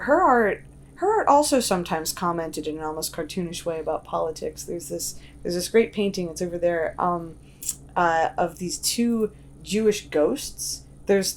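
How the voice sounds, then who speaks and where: A young woman talks through an interview in a chatty, rambling way, her voice sitting a little low. She fills her sentences with "like" and restarts them often. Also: a little mellow, slight background noise. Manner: chatty, many "like" fillers and restarts. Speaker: guest artist and cartoonist. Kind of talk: casual interview chat.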